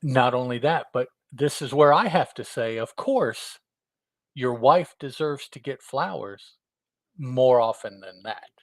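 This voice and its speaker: A man's voice: mid-range voice, lively intonation, measured pace, no echo. A middle-aged man co-hosting a podcast, chatting in an easygoing, reflective way. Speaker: podcast co-host. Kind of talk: casual chat.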